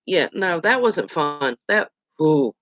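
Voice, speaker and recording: Vlogger in their forties, lively colloquial storyteller; dull lo-fi sound, dry. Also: medium pitch, slow, no room sound. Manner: animated, colloquial, exclaiming. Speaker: outdoors channel host. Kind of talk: casual storytelling.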